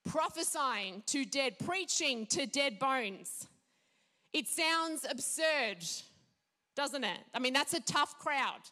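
A woman preaching a sermon, declaring scripture with emphatic, measured pauses. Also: high voice, expressive, sharp tone.

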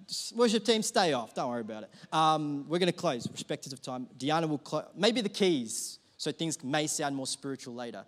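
A young adult male pastor preaching a sermon in a church, driving his points home by repeating key phrases with rising force. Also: fairly high pitch. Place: church auditorium.

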